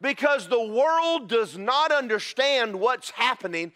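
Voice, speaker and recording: A man preaching a sermon as pastor, animated and breaking into shouted praise. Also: very high-pitched, a little slow.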